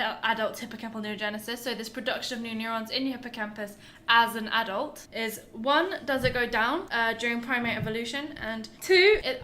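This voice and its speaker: Woman co-host explaining neuroscience, bright forceful voice, higher pitch. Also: a little hiss or hum. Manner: explanatory, giggly, quick to laugh. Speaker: podcast co-host presenting a science paper. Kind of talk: casual science podcast chat.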